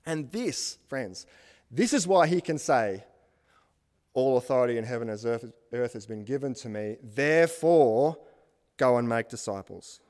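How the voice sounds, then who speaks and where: A man's voice: medium pitch, animated, measured pace, a little mellow, long reverb tail. A man preaching a sermon as pastor, building emphatic lists and asking the congregation questions.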